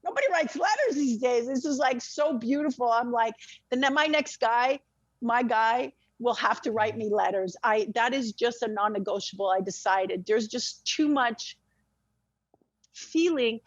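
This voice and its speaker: A woman, an interview guest, telling a very personal story in an animated way, swearing freely and often restarting her sentences. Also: fairly high pitch, unhurried, no echo. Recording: dull lo-fi dry sound.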